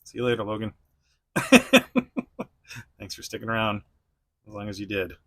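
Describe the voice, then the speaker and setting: A man's voice: on the low side, level tone, moderate pace, a bit bright. A man hosting a casual toy unboxing review, rambling with frequent chuckles and restarts.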